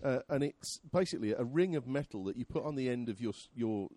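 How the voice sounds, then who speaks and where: A man's voice: mid-range voice, expressive, quick pace, dark tone. A man on a podcast panel, explaining a product with dry scepticism. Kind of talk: casual chat.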